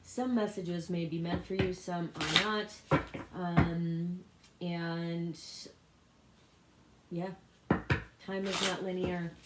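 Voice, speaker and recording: A woman's voice: fairly low pitch, flat delivery, very slow, long pauses. A woman giving a casual spiritual tarot reading, rambling with loose asides and self-interruptions. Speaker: tarot reader. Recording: echoey room with loud background noise. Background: card shuffling clicks.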